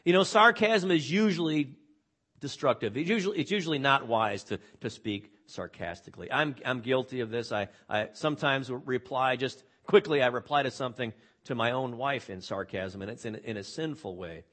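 A man's voice: mid-range voice, moderate pace, fairly bright tone. A man preaching a sermon in a conversational way, reading scripture aloud with drama and often repeating words as he restarts. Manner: frequent word repeats and restarts. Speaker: pastor.

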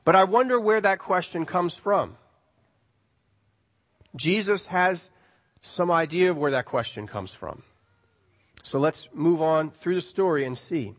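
Guy preaching, bit high voice, gets loud then quiet, church echo. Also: a little slow, long pauses. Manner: animated, swings from loud to hushed. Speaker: pastor. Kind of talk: sermon. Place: church sanctuary. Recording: long reverb of a hall.

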